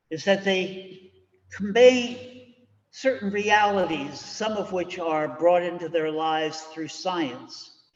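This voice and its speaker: Slow-spoken minister in a reverberant church. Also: male voice, on the high side. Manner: slow, measured and reflective. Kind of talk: sermon. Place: church sanctuary. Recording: dull recording with long church reverb.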